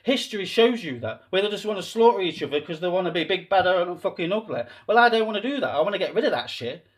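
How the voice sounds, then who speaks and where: A man's voice: high-pitched, fast. Impassioned rambling man, swearing freely. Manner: swearing, rambling, swings between calm and impassioned. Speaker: self-styled candidate vlogger. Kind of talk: rambling emotional monologue to camera.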